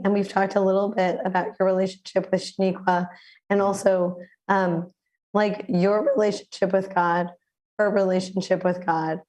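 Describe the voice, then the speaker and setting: A woman hosting a community radio interview, hoarse and raspy from the flu, chatting in a relaxed way with many fillers over a video call. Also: fairly low pitch. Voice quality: raspy, smoky. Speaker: radio show host.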